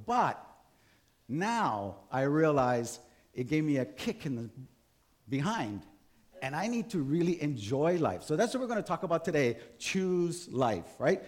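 Older male pastor from Hawaii, casual chatty sermon delivery with fillers. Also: fairly high pitch. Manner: relaxed, conversational, many fillers. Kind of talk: sermon with storytelling.

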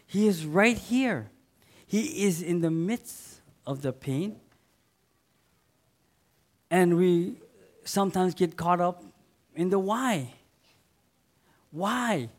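A man preaching a sermon in an earnest way, rising to loud emphatic readings and dropping to soft asides. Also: sits high, animated, drawn-out words, long pauses.

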